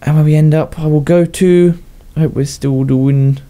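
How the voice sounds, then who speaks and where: A man's voice: fairly high pitch, steady tone, moderate pace, warm tone. A young man with a Southern English accent rambling through casual video game commentary, chatting to himself and laughing at his own jokes. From southern England. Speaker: gaming YouTuber.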